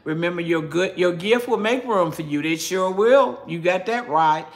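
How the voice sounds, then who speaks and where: A woman, chatting with her viewers in a slow, folksy, preachy way. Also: fairly low pitch, lively intonation. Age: 70s. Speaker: cooking channel host reading chat. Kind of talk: casual live chat.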